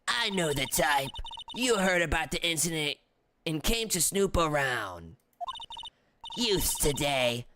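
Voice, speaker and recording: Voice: mid-range voice, very animated, background noise. A streamer doing a nagging old woman guard. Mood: scolding. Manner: scolding, drawn-out delivery. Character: shrill nosy older female security guard. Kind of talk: voice-acted game playthrough.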